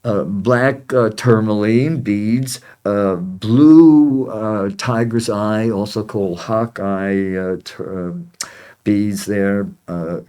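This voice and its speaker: A man hosting his own psychic channel, talking in a rambling, halting monologue full of restarts, with heated, indignant stretches. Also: on the low side, dark tone, smooth. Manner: halting, with many restarts and fillers.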